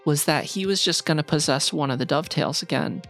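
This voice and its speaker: A man player chatting in a relaxed way. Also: on the high side, brisk, vocal fry, soft background music. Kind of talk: casual aftershow chat.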